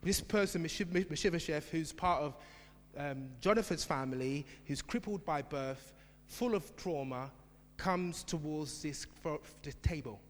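A man preaching a sermon in a church, emphatic, swinging from shouted repetition to quiet asides. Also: fairly high pitch, a little slow. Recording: long hall reverb.

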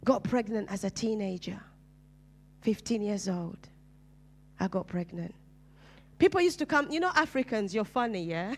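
A woman from Uganda, a pastor, preaching her personal testimony as a sermon, storytelling with swings from loud bursts to hushed, low asides. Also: expressive, normal speed, long pauses.

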